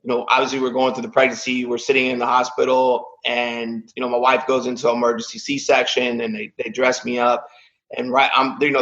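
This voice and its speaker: A man's voice: mid-range voice, pushed and bright, lo-fi sound. Emotional man in his thirties telling his story. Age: 30s. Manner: casual, emotional, peppered with "man" and "like". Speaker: podcast guest.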